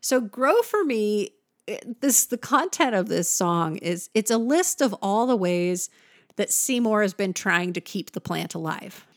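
A woman's voice: medium pitch, expressive, a little slow, no room sound, studio quality. A woman giving a casual, enthusiastic music lesson, breaking into sung examples now and then. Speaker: music teacher.

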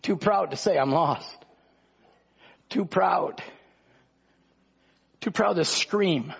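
Husky high-voiced male preacher. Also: drawn-out words, lo-fi sound. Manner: impassioned, conversational preaching with rhetorical questions. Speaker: pastor. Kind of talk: sermon.

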